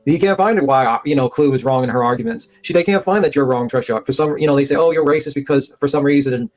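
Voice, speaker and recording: A man rambles on a live stream at a very rapid pace. His pitch sits in the middle range, and he keeps circling back with "I mean" and "you know what I mean.". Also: animated, a little mellow, soft background music. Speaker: streamer in a played clip.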